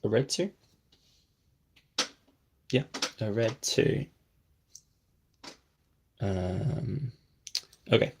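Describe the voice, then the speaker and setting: Very slow and low, with vocal fry and long pauses, this man talks over a noisy background. He's a brick-building vlogger murmuring self-deprecating running commentary to himself as he builds, sometimes dropping near a whisper when focused.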